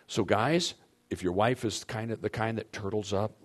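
A man with a fairly low voice leads a marriage seminar, teaching couples at a moderate pace. He speaks emphatically into a handheld microphone and addresses the audience directly.

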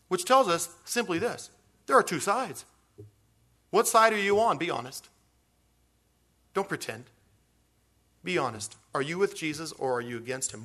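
A man's voice: mid-range voice, animated, fairly quick, pushed and bright. A man preaching a sermon in a folksy, rambling way, full of restarts and stories. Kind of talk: storytelling sermon.

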